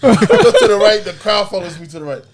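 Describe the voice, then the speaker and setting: A man's voice: sits high, huge pitch swings, fast, a loud crowd. A man guest on a podcast, telling a story casually and animatedly, acting out other people's lines with frequent laughter. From United States. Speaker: podcast guest, artist and comedian.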